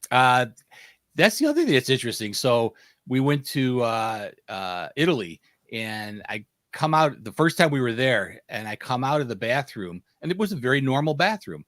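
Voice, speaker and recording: A man hosting a casual panel chat, telling stories in an animated way. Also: mid-range voice, normal speed, dry recording. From United States. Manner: animated storyteller who acts out quotes. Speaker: host.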